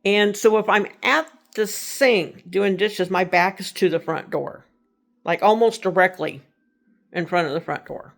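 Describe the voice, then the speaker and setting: Middle-aged woman from Texas, casual spooky storyteller, a touch of fry, keeps circling back and correcting herself. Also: mid-range voice, measured pace. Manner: rambling, self-correcting, conversational.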